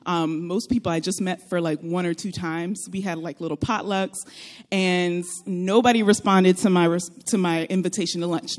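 A young woman telling a personal story in a casual, animated way, laughing often and acting out what people said. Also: lowish voice, normal speed. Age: young adult. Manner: animated, laughing often, acts out quoted voices.

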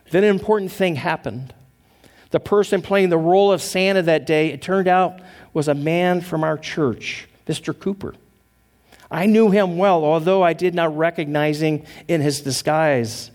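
A man preaching a Christmas sermon as pastor, telling a story earnestly and praying in a hushed voice. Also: fairly high pitch, a little slow.

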